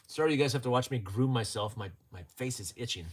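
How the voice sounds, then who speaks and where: A man's voice: medium pitch, fast talker, breathy edge. Joking man hosting a livestream. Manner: chatty and joking, laughs often. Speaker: livestream host. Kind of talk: casual livestream chat, reading viewer comments.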